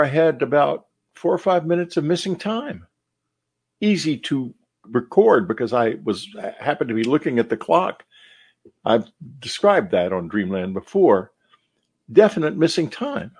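An older man hosting a show, speaking in an earnest, musing monologue full of rhetorical questions, with a husky voice. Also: medium pitch, a little mellow. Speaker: podcast host. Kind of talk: reflective monologue.

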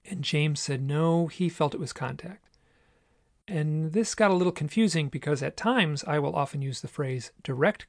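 Earnest man with a gravelly voice. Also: mid-range voice, dry recording, clean studio sound. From United States. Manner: earnest, personal, measured. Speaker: podcast host. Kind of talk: reflective solo storytelling.

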